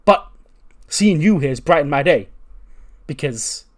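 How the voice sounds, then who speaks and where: A man's voice: a little high, expressive, measured pace. A man voicing an eager, boastful young male wrestler in a wrestling game playthrough, rambling and self-hyping. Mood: hyped.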